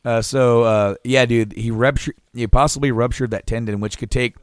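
A podcast co-host in a casual chat, this man rambles, restarts his sentences, laughs a lot and swears casually. His mid-range voice holds a steady tone at a moderate pace, with no room sound.

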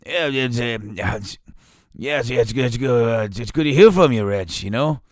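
A man's voice: medium pitch, moderate pace, dry recording, studio quality, voice pushed up, natural voice. A man voicing a cheerful older father chatting with an old friend on the phone.

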